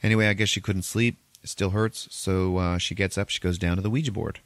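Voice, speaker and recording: Speaking briskly in a low voice with fairly even intonation, a man loosely retells a film on his podcast. The recording is dry, and his recap is profane and meandering, with the characters' dialogue performed aloud.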